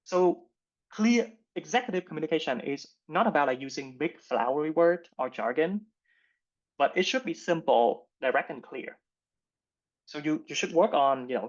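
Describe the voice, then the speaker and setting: A man coaching interview skills in a live online masterclass who explains in short phrases and often asks "right?". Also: mid-range voice. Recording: muffled lo-fi recording.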